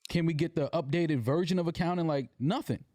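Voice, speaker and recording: A man's voice: a little high, brisk, darkish tone, dry recording, clean studio sound. A man co-hosting a podcast, chiming in to agree and then speaking tersely and with exasperation about a money dispute. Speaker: podcast co-host. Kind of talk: candid podcast talk.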